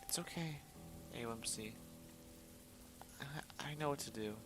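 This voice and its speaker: A man doing a hushed, soothing partner. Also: medium pitch, a little slow, faint music behind. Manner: hushed, soothing, close to a whisper. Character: tender devoted partner comforting a loved one.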